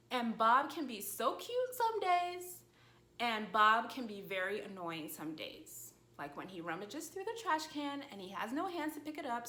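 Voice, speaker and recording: Bright, slow-paced woman teaching a lesson. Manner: animated, swoops high when acting out calls to a dog. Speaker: language teacher. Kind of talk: lively video lesson. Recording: echoey room.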